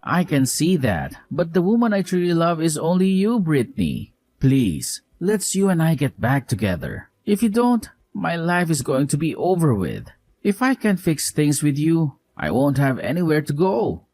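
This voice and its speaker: A man's voice: a little high, sing-song, normal speed, a little mellow, no echo. A man playing a young cheating ex-fiancé who pleads and whines to get back together, in a narrated story drama. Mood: pleading. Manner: begging, whiny.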